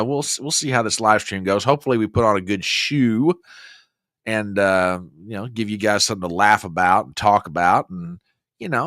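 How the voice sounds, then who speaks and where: A man's voice: lowish voice, fairly bright tone, dry recording, clean studio sound. An older man hosting a casual livestream, greeting viewers with chatty, exclamatory, playful banter. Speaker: livestream host.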